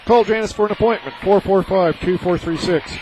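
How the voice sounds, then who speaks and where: High-voiced man on a noisy radio broadcast. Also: brisk, darkish tone, a faint crowd. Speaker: color commentator. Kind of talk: local radio sports commentary and read sponsor spots.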